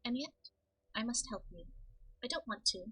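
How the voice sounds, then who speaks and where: Woman reading a stiff proud young noble lady, game dialogue, bright husky tone. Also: fairly high pitch, lively intonation, normal speed, exaggerated voice, poor audio.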